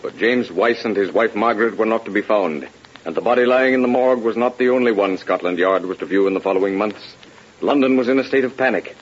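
A man narrating a vintage radio drama in a measured, ominous storytelling manner. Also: on the low side, a little hiss or hum. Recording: lo-fi old radio broadcast.

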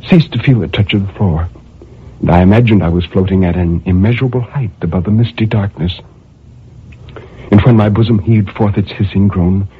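A man's voice: lowish voice, husky. An actor playing a tormented male murderer in an old-time radio drama, swinging between manic laughter and brooding menace. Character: tormented male murderer raving in his cell. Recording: muffled vintage radio recording.

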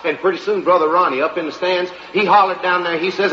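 A man's voice: sits high, fairly even intonation, fast, hardly any pauses, sharp tone, a little hiss or hum. Male comic spinning a drawling tale, live in a long-reverb hall, dull lo-fi sound. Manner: drawling, folksy storyteller. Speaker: comedian. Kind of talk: folksy comic monologue. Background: audience laughter.

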